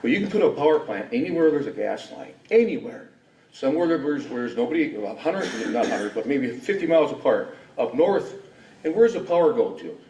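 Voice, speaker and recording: Indignant man with a lively voice. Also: fairly high pitch, fairly quick, a little hiss or hum. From Wisconsin. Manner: rambling, indignant, full of rhetorical questions. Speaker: resident giving public comment. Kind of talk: unscripted public hearing comment. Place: public hearing room. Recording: echoey hall from far off.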